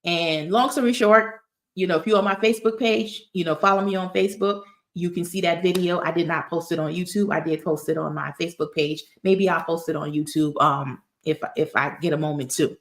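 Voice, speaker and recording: A woman's voice: on the low side, steady tone, fairly quick. A woman, a tax resolution expert giving casual advice straight to camera. She tells stories with plenty of emphatic asides. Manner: chatty, emphatic, storytelling with asides.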